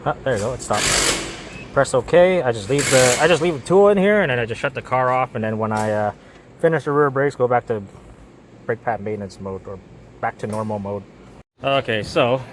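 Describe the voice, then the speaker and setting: Male mechanic narrating a brake job, ordinary middle pitch, loose and rambling delivery. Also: slight background noise. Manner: rambling, repeats words and restarts often. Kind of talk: casual how-to narration while working. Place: auto repair shop.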